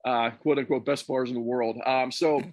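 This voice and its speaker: A man's voice: medium pitch, moderate pace, no room sound, clean studio sound. A man telling a rambling, profane story in casual podcast chat, laughing as he goes. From Texas. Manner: animated, profane, laughs through his own story. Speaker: podcast co-host or guest.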